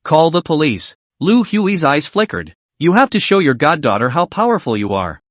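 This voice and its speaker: A man narrating a comic recap in a scripted reading style, voicing the dialogue and the narration in the same steady voice. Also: on the high side, normal speed, no echo.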